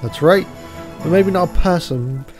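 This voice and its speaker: A man's voice: fairly high pitch, unhurried, darkish tone, faint music behind, pitched above the performer's own voice, close to an everyday voice. A man reading out the lines of a cheeky little fairy sidekick, talking in a folksy, chummy way full of tag questions. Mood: chatty.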